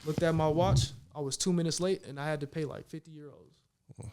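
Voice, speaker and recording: A man in his thirties, a professional basketball player from Minnesota, chatting as a guest and telling lively stories in casual slang. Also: a little high, normal speed, slight background noise. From Minnesota, United States. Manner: animated storytelling, slangy, repeats "you know what I mean". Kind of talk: casual conversation.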